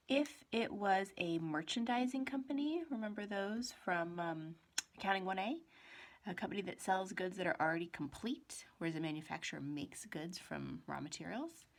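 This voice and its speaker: Gravelly-voiced woman giving a casual accounting lecture. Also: mid-range voice, expressive, moderate pace. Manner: chatty, asks rhetorical questions, mutters while writing. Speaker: accounting professor. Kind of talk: recorded classroom lecture.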